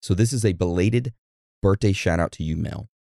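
A man co-hosting a casual podcast, joking around and reading out listener shout-outs in an animated way. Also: low-pitched, normal speed, no echo, studio quality. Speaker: podcast co-host.

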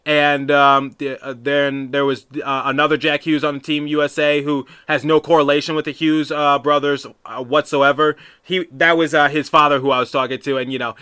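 A man's voice: fairly high pitch, little pitch movement, moderate pace, hardly any pauses, pushed and bright, smooth. A man hosting a podcast, telling a story in a casual, rambling way with many restarts and asides. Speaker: podcast host.

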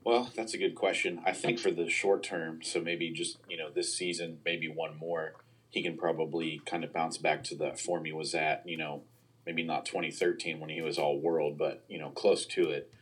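A man's voice: extremely low pitch, steady tone, moderate pace, breathy edge. A man giving football analysis on a podcast, talking casually with lots of hesitations. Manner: hesitant, many fillers and restarts. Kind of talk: casual sports podcast chat.

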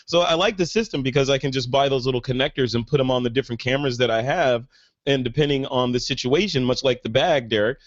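A man's voice: mid-range voice, fast, highs cut off. A man hosting a podcast, chatting casually and with enthusiasm, with lots of fillers. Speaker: podcast host. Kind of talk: casual chat.

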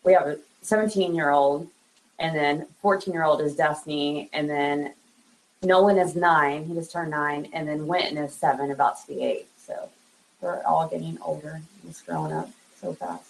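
A woman in her thirties chats casually in an interview, laughing often and using lots of fillers. Her voice is low-pitched at a moderate pace, and the rough recording carries a little hiss or hum.

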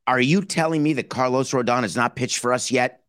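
A man's voice: medium pitch, a little fast, a bit bright, close to an everyday voice. A man mocking a whiny baseball executive. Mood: mock incredulous. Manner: mock-dramatic, exaggerated disbelief. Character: whiny, self-pitying male baseball executive.

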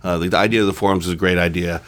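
A man's voice: low-pitched, steady tone, very fast, a bit bright. A man co-hosting a podcast who speaks with enthusiasm. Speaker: podcast co-host. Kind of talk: casual conversation.

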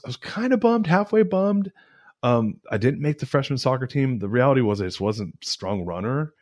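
A man in his forties hosting a solo podcast, talking casually and with energy, swinging from hyped intros to low, reflective storytelling. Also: a little mellow, dry recording, clean studio sound. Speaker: podcast host.

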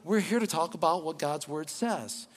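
A man preaching a sermon to his church, animated, moving between loud emphatic lines and soft quiet ones. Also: fairly high pitch, moderate pace. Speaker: pastor. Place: church sanctuary. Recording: long hall reverb.

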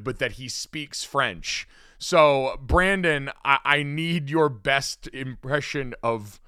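A man's voice: medium pitch, bright, forceful tone, clear, resonant tone, no room sound, studio quality. A man hosting a sports podcast, chatting casually and steering the talk between topics. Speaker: podcast host.

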